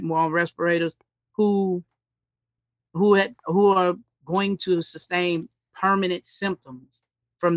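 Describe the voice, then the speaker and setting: A man's voice: sits high, a bit bright, no echo. A man co-hosting a podcast, chatting casually and joking, rambling with fillers. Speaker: podcast co-host. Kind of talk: casual chat. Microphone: podcast mic.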